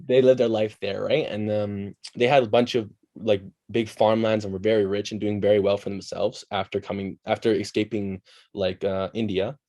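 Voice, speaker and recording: Low-voiced young man, animated storyteller. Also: dry recording. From Canada. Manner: animated storytelling with quick asides. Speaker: podcast guest. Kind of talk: casual chat.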